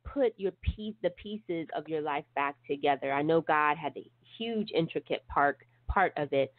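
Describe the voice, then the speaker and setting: A woman with a lowish voice hosts an interview over a tinny, dry phone line. She is effusive and chatty, and her sentences are full of fillers. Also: moderate pace, no room sound. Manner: effusive and talkative, many fillers. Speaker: radio show host. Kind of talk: hosting an interview.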